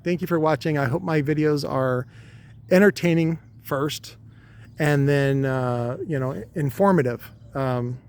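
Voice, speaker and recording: A man's voice: on the high side, unhurried, darkish tone, clear, resonant tone. A man telling a rambling, crude vlog monologue to his viewers with many fillers. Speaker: vlogger.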